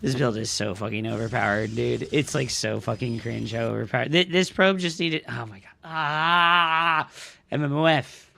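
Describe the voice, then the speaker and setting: A young man streaming a strategy game live, commenting on his play with excitable, profane outbursts and talking to his chat. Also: a little high, creaky. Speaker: streamer and coach.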